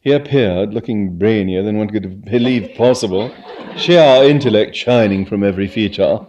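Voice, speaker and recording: A man reading a comic story aloud, playing a chatty, flustered young gentleman who halts with fillers. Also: lowish voice, far from the mic, highs cut off. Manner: lively, halting with fillers.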